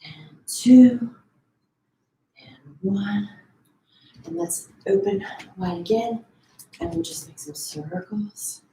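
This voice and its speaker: A woman leading a Pilates class from home, counting down reps and giving quick form cues, a bit out of breath. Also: medium pitch, animated, warm tone, slight background noise. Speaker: pilates instructor. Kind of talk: live online fitness class cueing. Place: her home. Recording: echoey room.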